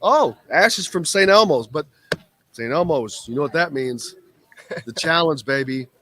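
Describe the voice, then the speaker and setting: Midwestern male radio host, lively pitch, bright voice, excitable banter. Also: a little slow. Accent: American Midwest. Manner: animated, exclaiming through a spicy shrimp challenge. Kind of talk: live sports radio banter. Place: radio broadcast set at a live event.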